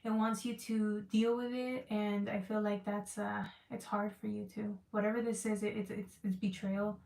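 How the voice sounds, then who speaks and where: A woman's voice: medium pitch, flat delivery, moderate pace, gravelly, a little mellow, distant mic. Female tarot reader, earnest and repetitive, recorded in an echoey room off-mic. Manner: emotional, repetitive, searching for words. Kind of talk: casual tarot reading.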